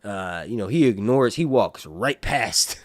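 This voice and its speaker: A man's voice: lowish voice, expressive, measured pace, dry recording, clean studio sound. A man from North Carolina, chatting casually on a livestream and laughing often. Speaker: livestream TV show reviewer. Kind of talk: casual live chat.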